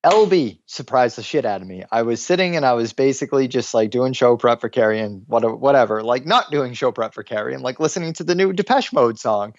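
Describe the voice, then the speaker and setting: A man hosting a casual podcast, telling animated, profane stories and imitating the people in them. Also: mid-range voice, fairly quick, few pauses, no room sound, highs cut off. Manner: animated, profane storyteller who mimics people. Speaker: podcast host.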